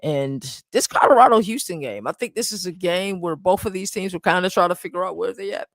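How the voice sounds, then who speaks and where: Man, sports podcast host, relaxed and agreeable, slightly high voice. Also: brisk, dry recording, studio quality. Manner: laid-back, agreeable, leads the topics. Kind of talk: casual sports chat.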